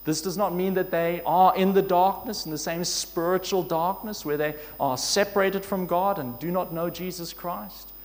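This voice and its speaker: A man preaching a sermon in an earnest, measured way, asking his listeners questions. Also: high-pitched, fairly even intonation. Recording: long hall reverb.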